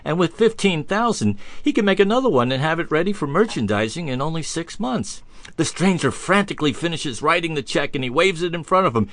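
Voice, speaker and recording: A man hosting a radio talk show, telling a long joke in a folksy, halting way with fillers. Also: on the high side, very animated, fairly bright tone, no room sound.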